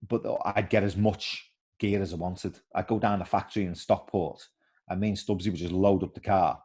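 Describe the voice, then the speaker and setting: A middle-aged man, a former footballer telling animated stories in a casual interview and acting out the voices of others. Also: sits low, moderate pace, slightly rough.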